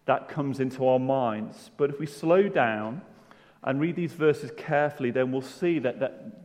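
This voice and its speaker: A man's voice: mid-range voice, a little mellow. A man preaching a sermon in a church, conversational, with rhetorical questions and self-deprecating humour. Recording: long hall reverb.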